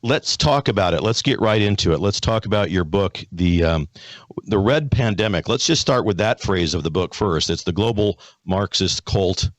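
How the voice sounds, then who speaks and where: Talk host, American man, low voice, dry close sound, stumbles and repeats words. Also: expressive, normal speed, no room sound. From United States. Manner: folksy, repeats words, many restarts. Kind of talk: conservative talk show hosting and ad reads.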